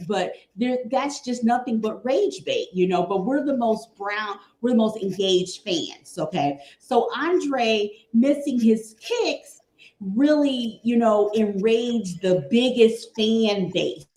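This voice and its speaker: A woman from Cleveland chats about football as a guest, taking her time. She repeats her points with a die-hard fan's enthusiasm. Her voice rings in a roomy, echoing space, at a middle pitch. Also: darkish tone. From Cleveland, Ohio. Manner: chatty, repeats phrases, fan enthusiasm. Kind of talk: casual sports chat.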